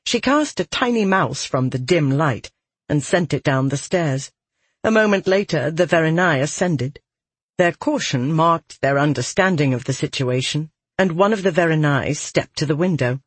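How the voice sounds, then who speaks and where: A narrator reading a fantasy audiobook in a steady, measured way. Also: mid-range voice, slightly rough, dry recording.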